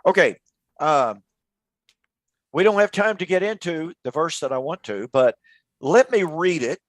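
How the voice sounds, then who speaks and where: A man with a fairly high voice co-hosts a relaxed Bible study chat. He tells historical stories emphatically and builds to loud, dramatic quotes. The recording is dry and close. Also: a little slow, dry recording. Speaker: co-host of a Bible radio show.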